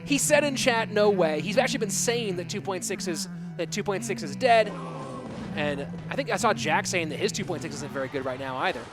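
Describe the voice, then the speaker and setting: A man's voice: sits high, expressive, fairly quick. A man casting a game tournament on a live stream, chatty and talking straight to his viewers. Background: music.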